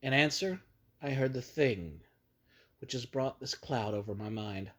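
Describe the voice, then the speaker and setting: A man narrating a horror story in a grave, measured storytelling manner. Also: medium pitch. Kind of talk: dramatic reading of a horror story.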